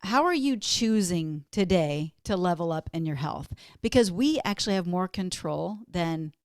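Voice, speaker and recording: A woman's voice: fairly low pitch, lively intonation, normal speed, dry recording, studio quality. A woman from Minnesota, a wellness guest on a podcast interview, telling stories in an upbeat, motivational way.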